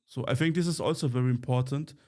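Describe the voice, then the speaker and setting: A man's voice: mid-range voice, steady tone, fast, darkish tone, soft background music. Hesitant man co-hosting a podcast. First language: Romani. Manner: hesitant, many fillers and restarts. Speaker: podcast co-host, journalist. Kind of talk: casual podcast chat.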